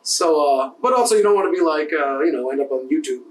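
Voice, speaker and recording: A man, a bartender co-hosting a podcast, telling animated stories in casual chat, acting out the exchanges and swearing freely. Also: fairly high pitch, quick pace, echoey room, recorded from a distance. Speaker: podcast co-host.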